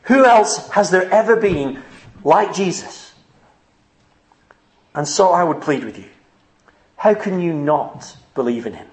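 Male preacher, higher register, pleading sermon delivery, reverberant room. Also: lively intonation, slow, long pauses. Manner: pleading and earnest, rising to fervent questions. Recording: echoey room.

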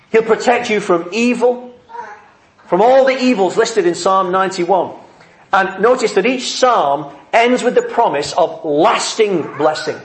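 Earnest preacher with a high voice. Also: male voice, echoey room. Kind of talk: sermon.

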